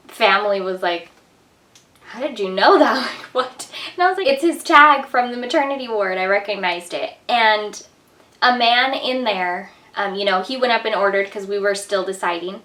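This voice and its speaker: Bright chatty young woman in an echoey room. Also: mid-range voice. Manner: chatty, full of fillers and "like". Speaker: vlogger. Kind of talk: casual talk to camera. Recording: echoey room, mic at a distance.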